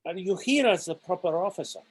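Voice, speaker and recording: Un hombre interpreta a un presidente de consejo pedante y discutidor con un acento ruso exagerado a propósito. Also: male voice, high voice, expressive, fast, breathy edge, no echo, voice pushed down, low-quality recording. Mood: argumentative. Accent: deliberately bad Russian accent. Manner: pedantic, argumentative. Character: stubborn pedantic male council chairman. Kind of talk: comic re-enactment.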